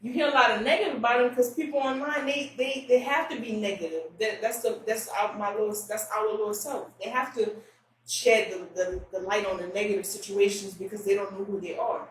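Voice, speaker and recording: Woman interview guest, emotional and halting, off-mic in a roomy echo. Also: mid-range voice, steady tone. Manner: emotional, halting, many restarts. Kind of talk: candid conversational interview. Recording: roomy echo, distant mic, faint room noise.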